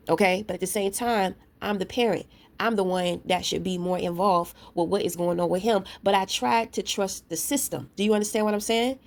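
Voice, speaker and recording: A woman's voice: mid-range voice, fairly quick. A woman and parent ranting to her camera in a blunt, profane, confrontational way, telling a story full of asides. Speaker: vlogger. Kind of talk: casual rant to camera.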